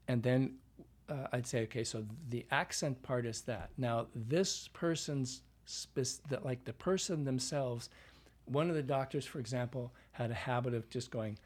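Dialect coach, man from Canada, husky mid-range voice, chatty explainer who keeps tagging "right?". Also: medium pitch, a little mellow. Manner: explanatory, often ends points with a questioning "right?". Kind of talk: casual interview chat.

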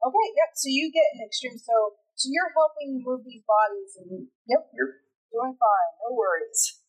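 A woman's voice: fairly high pitch, normal speed, husky, low-quality recording. A woman narrating a tabletop role-playing game as game master, describing scenes and explaining rules in a casual way.

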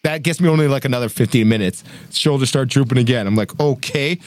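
A young man telling a story in casual chat, animated and acting out quotes, with frequent laughs. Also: mid-range voice, quick pace, no room sound. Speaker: podcast co-host telling a story.

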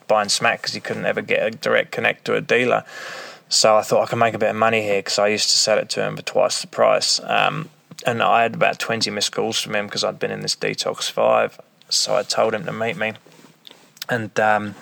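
A man's voice: fairly low pitch, vocal fry, a bit bright. A man telling a personal story in a casual, blunt, profane and rambling way.

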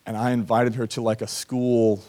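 A man in his thirties preaches at a church service in an earnest, conversational tone. His voice sits at an ordinary middle pitch. He comes from Georgia and tells his own story from the pulpit. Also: flat delivery, normal speed, warm tone. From Georgia, USA. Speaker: pastor. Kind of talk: sermon with personal storytelling.

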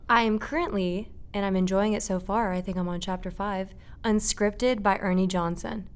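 A woman's voice: medium pitch, fairly even intonation, moderate pace, clear, resonant tone. A young adult woman, a guest in a casual interview, speaking earnestly and reflectively and laughing easily.

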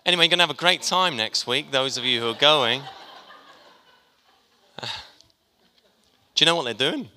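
Chatty preacher in a reverberant hall. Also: male voice, fairly high pitch, moderate pace, long pauses, pushed and bright, smooth. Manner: chatty and jokey, talks to the congregation. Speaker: pastor. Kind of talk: sermon.

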